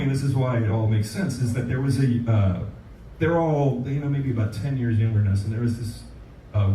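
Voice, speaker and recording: Distant animated storytelling man. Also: medium pitch. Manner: animated, acts out quoted dialogue. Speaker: musician guest. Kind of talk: casual storytelling. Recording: echoey room, distant mic, noisy.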